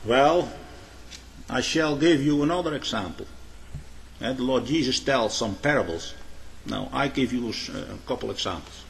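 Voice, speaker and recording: A man's voice: medium pitch, animated, gravelly, slight background noise. Man preaching in a long-echo hall. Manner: frequent "eh?" tag questions, halting restarts. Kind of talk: sermon with illustrations.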